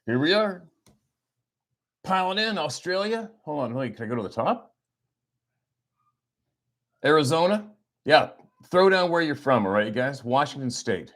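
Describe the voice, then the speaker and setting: A man's voice: fairly high pitch, sing-song, measured pace, pauses often, a bit bright. A man hosting a hunting channel, chatting casually on a livestream from a farmhouse, playful and teasing. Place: small farmhouse at Christmas.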